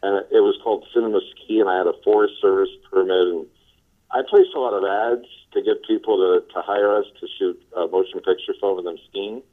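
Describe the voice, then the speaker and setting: A man from the Los Angeles area, a sales trainer being interviewed, telling his story in a relaxed way with many fillers. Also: sits low, a little fast. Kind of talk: casual phone interview. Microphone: telephone. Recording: tinny phone line.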